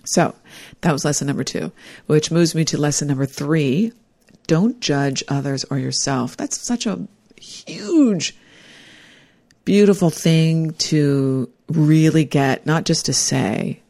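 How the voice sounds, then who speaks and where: A woman's voice: low-pitched, a little slow, dark tone. A middle-aged woman giving a personal, reflective talk about life lessons, earnest and heartfelt. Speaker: speaker sharing life lessons.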